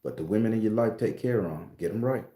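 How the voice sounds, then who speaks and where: A man's voice: on the low side, quick pace, mellow. Profane rambling man in a roomy echo. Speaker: spiritual tarot reader vlogger. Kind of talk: casual rant to viewers.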